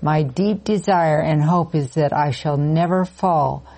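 A woman in a Bible study group reading scripture aloud slowly and carefully, correcting herself as she goes. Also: sits low, mellow.

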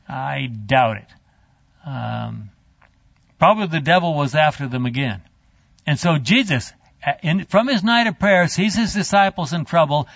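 A man teaching a Bible study, retelling a story in an animated, halting, chatty way with a handout. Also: a little high, dry recording. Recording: dull lo-fi dry.

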